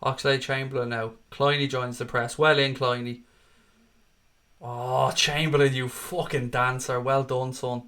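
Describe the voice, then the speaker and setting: Sweary excitable football fan. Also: male voice, mid-range voice, unhurried, clean tone. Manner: excitable, sweary, rants at the referee; chats to viewers in the live chat. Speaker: fan hosting a live watchalong. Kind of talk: live fan match commentary.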